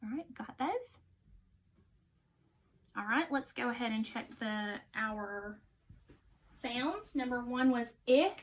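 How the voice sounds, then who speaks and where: A woman teaching a phonics lesson to young children, sounding out each letter slowly and clearly. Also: fairly high pitch, animated.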